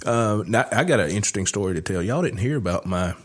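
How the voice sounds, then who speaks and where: A man's voice: lowish voice, lively intonation, fast talker. A man hosting a podcast, telling a story in a rambling, folksy way with many fillers. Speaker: podcast host. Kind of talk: casual storytelling chat.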